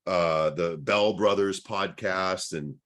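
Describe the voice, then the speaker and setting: A man's voice: low voice, slow, a bit bright. A young adult man co-hosting a podcast, telling a long anecdote in a casual way and acting out what people said. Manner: long anecdote full of acted-out quoted dialogue. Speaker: podcast co-host. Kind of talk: casual storytelling.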